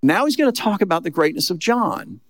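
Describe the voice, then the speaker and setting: A man preaching a sermon with a raised voice that has a gravelly edge. He talks in a conversational way and leans hard on key points. The sound is close and dry, with no room echo. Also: sits high, very animated, a little fast. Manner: conversational, emphatic preaching with frequent "look" and "okay". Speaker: pastor.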